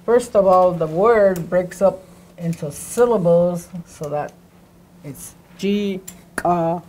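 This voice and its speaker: A woman teaching a language class, explaining slowly and repeating words and phrases for emphasis. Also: lowish voice, lively intonation, mellow, poor audio. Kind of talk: classroom lecture.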